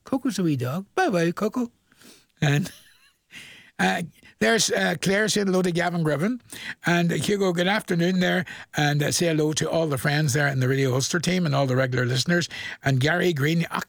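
A man's voice: fairly high pitch, brisk, gravelly, fairly bright tone, dry recording, clean studio sound. Chuckling older Northern Irish radio man. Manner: folksy, rambling, chuckles at his own jokes. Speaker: radio presenter. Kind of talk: chatty radio request and dedication show.

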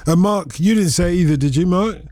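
Brief: male phone-in host, joking and meandering, slightly high voice, close dry studio sound. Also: a little fast, darkish tone, no room sound. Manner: rambling, jokey, self-deprecating. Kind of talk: casual live radio banter. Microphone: studio microphone.

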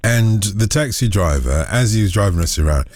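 Lively, jokey male radio host. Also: lowish voice, no echo, studio quality. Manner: jokey and chatty, quick asides. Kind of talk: casual radio phone-in chat.

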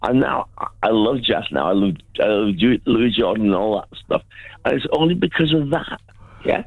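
A man's voice: lowish voice, expressive, normal speed, vocal fry, no room sound. A man calling in to a radio show, enthusiastic and stumbling over his words with many restarts. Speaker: caller. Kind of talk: phone-in chat. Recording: tinny phone line.

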